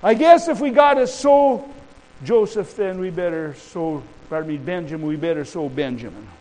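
A man's voice: high voice, animated, moderate pace, a little mellow, a little hiss or hum, low-quality recording. A preacher doing a weary old father. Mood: resigned. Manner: folksy, resigned, casual. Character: weary old father sending his sons off.

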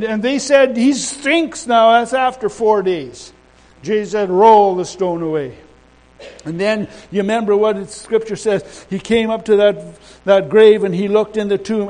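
A man preaching a sermon in a folksy, rambling way, breaking off and restarting, then building to loud, emphatic declarations. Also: high voice, poor audio. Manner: folksy asides and humor.

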